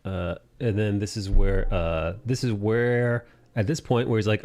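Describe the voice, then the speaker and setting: A young man hosting a casual anime discussion podcast, recapping scenes animatedly and jumping into quick character voices. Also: fairly low pitch, fairly even intonation, a little mellow. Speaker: podcast host.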